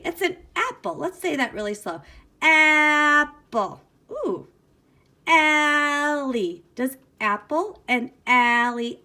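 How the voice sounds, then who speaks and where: A woman teacher giving an online phonics lesson to young children in a slow, sing-song, encouraging way, recorded on her device's camera mic. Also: fairly high pitch, fairly bright tone.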